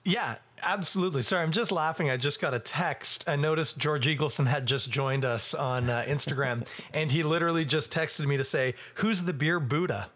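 Chatty animated man hosting a podcast. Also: a little fast. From Canada. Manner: animated, jumps to high exclamations, laughs often. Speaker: podcast host. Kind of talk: casual chat.

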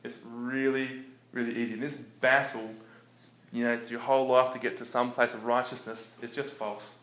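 A man preaching in a relaxed, conversational way, often chuckling between his points. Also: medium pitch, normal speed. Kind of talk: conversational sermon. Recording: echoey room with faint background noise.

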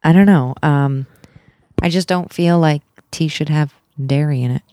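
A woman's voice: low voice, moderate pace, warm tone, dry recording. A young woman co-hosting a casual podcast, playful and teasing, often laughing. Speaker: podcast co-host. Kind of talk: casual chat.

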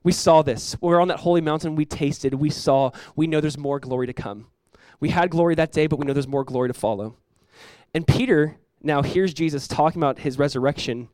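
A young man preaching a sermon as pastor, in a loose conversational way, peppered with "like" and quick acted-out quotes of Jesus and the disciples. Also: fairly high pitch, a little mellow, clean tone, no room sound.

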